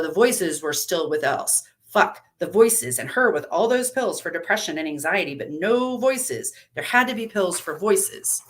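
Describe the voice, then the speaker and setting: A woman storyteller reading a dark story aloud in an expressive, measured way. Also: on the low side.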